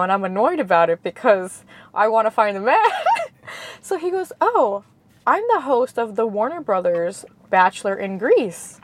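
A woman from Queens, New York, chatting as a guest, an animated storyteller who acts out the dialogue in her stories and laughs often. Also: on the high side, normal speed, rough recording. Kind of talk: casual chat. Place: in a car.

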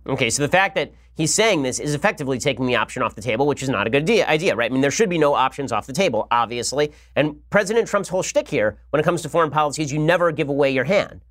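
A man hosting a political podcast, giving rapid, argumentative commentary with emphatic points. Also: fairly high pitch, lively intonation, fairly bright tone. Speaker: podcast host.

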